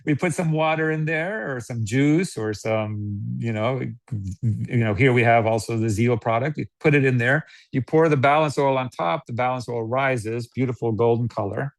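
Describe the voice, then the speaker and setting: An American man giving casual sales coaching, animated, laughing often and acting out customer dialogues. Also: mid-range voice, moderate pace, no echo. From United States. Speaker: network marketing guest.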